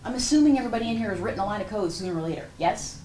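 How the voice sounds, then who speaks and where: A woman's voice: mid-range voice, expressive, very fast, mellow, slight background noise. Woman coaching a class in a roomy hall. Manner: direct, coaching, demonstrating poses. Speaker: workshop instructor. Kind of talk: hands-on interview coaching workshop. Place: large room with a class. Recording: roomy hall audio from far off.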